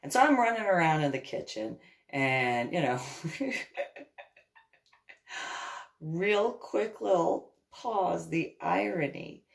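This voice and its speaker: A woman from New Jersey, USA tells a long, rambling story in a casual vlog, laughing often and acting out her own orders. Her voice is on the low side with vocal fry, lively intonation, and a slightly slow pace.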